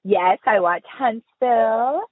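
A woman chatting as an interview guest, an animated storyteller who laughs often, heard over remote call audio. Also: fairly high pitch, slow pace, husky, no room sound, phone-quality sound. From Houston, Texas. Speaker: podcast guest. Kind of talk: casual interview chat.

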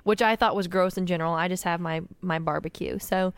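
A woman's voice: fairly low pitch, fairly even intonation, fairly quick, clean tone, no room sound. A woman, a podcast guest, telling a long funny story in casual chat and often breaking into laughter.

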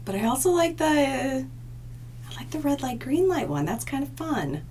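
A young adult woman co-hosting a podcast in casual chat, animated and laughing often, jumping into high exclamations. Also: moderate pace, slight background noise. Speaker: podcast co-host.

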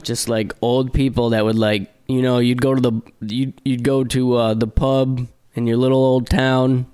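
A man's voice: medium pitch, flat delivery, normal speed, darkish tone, clear, resonant tone. A man co-hosting a podcast, explaining things in a laid-back, casual way. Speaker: podcast co-host. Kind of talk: casual chat.

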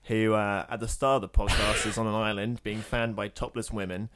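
A man co-hosting a film podcast, telling stories in an animated way and laughing often. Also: lowish voice, brisk. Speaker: podcast co-host. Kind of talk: casual chat.

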